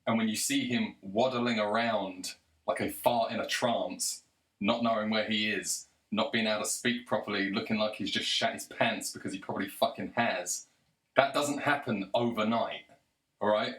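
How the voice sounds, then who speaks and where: A man's voice: lowish voice, fairly even intonation, normal speed, fairly bright tone. A man delivering an angry, sarcastic, profanity-laden rant to the camera. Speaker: video commentator. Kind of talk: ranting monologue. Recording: roomy echo.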